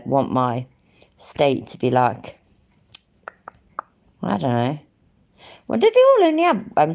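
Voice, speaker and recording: A woman's voice: low voice, vocal fry, a little mellow. An English woman rambling casually on a live stream, thinking aloud, humming to herself and swearing freely. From England.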